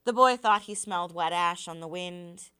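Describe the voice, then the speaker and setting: A woman teacher reads a novel aloud with a measured, even delivery. Her voice is smooth and clear, sitting on the low side.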